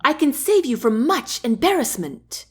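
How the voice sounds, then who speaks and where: A woman's voice: high-pitched, big pitch swings, unhurried, darkish tone, voice pushed up. A woman voicing a smug, condescending male chancellor in a storybook reading, with a haughty, dismissive manner.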